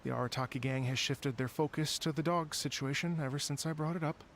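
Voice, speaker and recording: A man's voice: on the high side, a little fast, fairly bright tone. An actor playing a polite male event organizer with a courteous, slightly hesitant way of talking, over game music.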